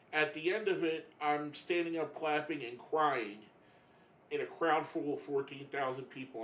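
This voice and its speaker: A man giving a casual spoken review, emotional and halting, often getting choked up and restarting his sentences. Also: a little high, echoey room, slight background noise, rough recording. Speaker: wrestling reviewer.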